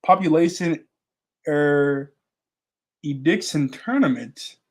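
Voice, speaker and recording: Casual reaction host, man, slightly higher voice, reads comic panels aloud and muses between them with fillers. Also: slow. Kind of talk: casual manga read-through and reaction.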